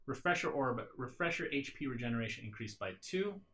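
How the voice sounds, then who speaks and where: A man with a bright, forceful voice runs a casual group chat about game updates. He reads each change aloud, then jokes and riffs on it with the others. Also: medium pitch, animated, fairly quick. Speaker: host reading patch notes.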